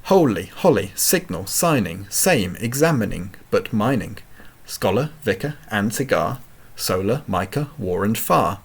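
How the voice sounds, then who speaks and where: A man reciting a poem slowly, carefully enunciating each word. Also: creaky, slightly rough. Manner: slow, carefully enunciated, lively pitch. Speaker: poetry reader.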